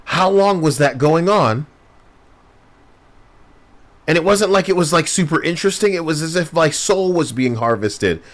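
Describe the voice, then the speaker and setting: A man's voice: on the high side, animated, normal speed, pauses often. A man streaming, chatting casually in a joking, rambling, sarcastic way.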